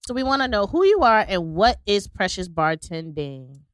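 Bubbly animated woman co-host. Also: medium pitch, clear, resonant tone, dry recording. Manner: bubbly, enthusiastic, quick to laugh. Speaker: podcast co-host. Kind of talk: casual podcast chat.

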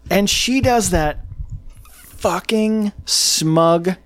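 A man's voice: high-pitched, extremely slow, a bit bright. A man hosting a casual political chat, rambling and sarcastic, who often acts out what others said.

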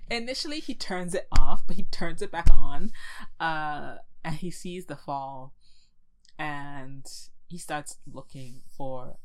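Woman, low pitch, casual chat, rambling recap, acts out quotes. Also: slow pace, poor audio. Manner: animated storytelling with many fillers, acting out quotes. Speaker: podcast co-host recapping a show.

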